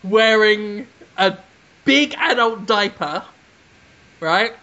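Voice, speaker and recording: A man's voice: high voice, expressive, very slow, pushed and bright, highs cut off. A man from the UK co-hosting a comedy podcast, rambling and meandering as he builds a silly bit. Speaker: podcast co-host. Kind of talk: casual comedy podcast chat.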